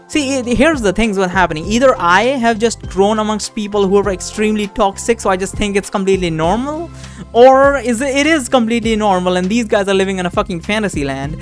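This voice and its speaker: Animated swearing young man. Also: high voice, brisk, faint music behind. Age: 20s. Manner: animated, swearing, rambling with many fillers. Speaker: let's play host. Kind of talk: casual commentary over a visual novel.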